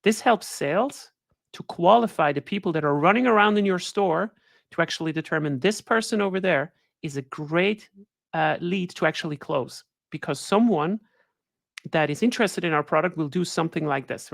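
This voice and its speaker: In this clean studio clip with no room sound, a woman with a lowish voice and noticeable vocal fry speaks fairly quickly. She's a guest on a webinar, keeping things conversational and repeatedly checking in with a tag "right?"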